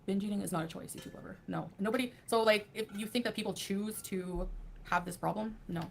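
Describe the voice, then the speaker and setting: Fast-talking streamer woman, chatty and defensive, faint hum behind. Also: mid-range voice, fairly even intonation, creaky. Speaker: livestreamer. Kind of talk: chatty livestream.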